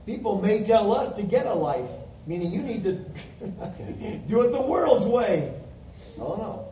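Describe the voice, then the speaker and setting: A man's voice: high-pitched, big pitch swings, slow pace, dark tone, a little hiss or hum. Man, preacher, sermon, emphatic, quotes scripture, roomy distant mic.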